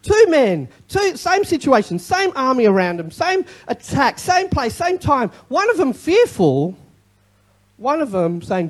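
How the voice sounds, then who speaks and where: A pastor preaching a sermon in an animated way, with joking asides and repeated key phrases. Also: mid-range voice, measured pace.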